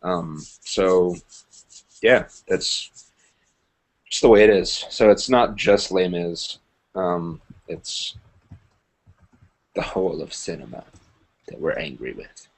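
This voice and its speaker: Young man, low voice, casual movie chat, opinionated, hedges a lot. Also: slow, long pauses. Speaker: co-host.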